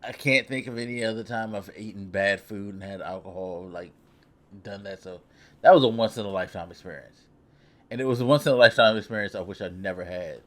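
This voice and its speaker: A man's voice: lowish voice, fairly quick, a bit bright. A young man vlogging, telling a story in a loose, profane, self-mocking way. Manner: loose, profane, laughing at himself. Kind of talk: casual storytelling.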